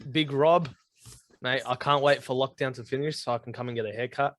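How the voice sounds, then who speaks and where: A man's voice: mid-range voice, fairly even intonation, fairly quick. A man hosting a casual podcast over a video call. He chats in a matey way and wraps up the episode with plugs for other shows. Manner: easygoing, matey, promo-style sign-offs. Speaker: podcast host.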